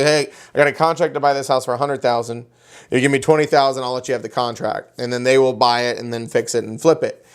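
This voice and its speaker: A man's voice: medium pitch, clear, resonant tone. A man lecturing a real estate class in a folksy, playful way.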